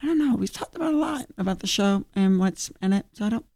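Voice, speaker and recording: A young man, a stage actor, chatting in an interview and telling animated stories full of fillers. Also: high-pitched, fast, creaky, dry recording, studio quality. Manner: animated storytelling with many fillers. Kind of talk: casual interview.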